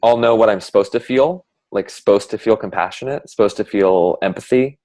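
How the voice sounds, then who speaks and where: A man in a casual heartfelt conversation, speaking reflectively and haltingly with many fillers. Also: lowish voice, dark tone. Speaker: conversation partner sharing reflections.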